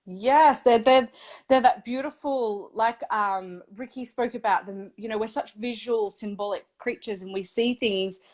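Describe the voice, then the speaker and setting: A woman's voice: fairly high pitch, measured pace. Effusive woman hosting a chat. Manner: effusive and animated, laughs often mid-sentence. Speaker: interviewer and series host. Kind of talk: casual conversational interview.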